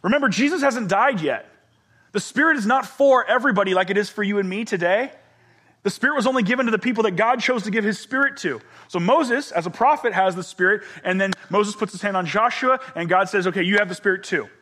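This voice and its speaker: High bright-voiced male pastor preaching. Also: quick pace. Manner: expressive, drops to whispers and shouts for emphasis. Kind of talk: sermon.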